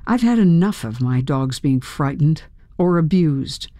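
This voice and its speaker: A narrator reading a tense first-person story aloud in a measured, storytelling manner. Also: medium pitch, animated, mellow, no room sound, studio quality. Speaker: audiobook narrator.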